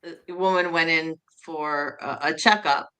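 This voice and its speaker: A woman's voice: low voice, steady tone, unhurried, sharp tone, clear, resonant tone. A middle-aged woman co-hosting a humor show, telling jokes in a rambling, self-amused way with many restarts. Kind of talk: casual joke-telling chat.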